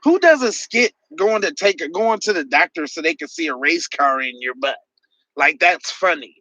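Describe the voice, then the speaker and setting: Animated, sarcastic man ranting on a livestream. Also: fairly high pitch, moderate pace, dry recording, low-quality recording. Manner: sarcastic, mocking, animated rants. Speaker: podcast host reading live chat. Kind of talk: heated livestream commentary.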